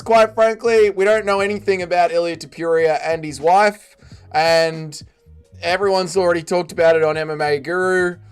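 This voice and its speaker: Australian male streamer, high voice, chatty and blunt with his viewers. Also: smooth. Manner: greets chat by name, banters, mild swearing. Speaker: livestream host. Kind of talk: casual livestream chat.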